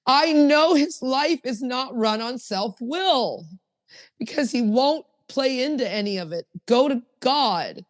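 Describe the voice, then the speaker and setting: A woman's voice: high voice, slow, dry recording, long reverb tail. A woman co-hosting a recovery podcast, telling stories in casual chat and acting out what others said. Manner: animated storytelling with acted quotes. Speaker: podcast co-host.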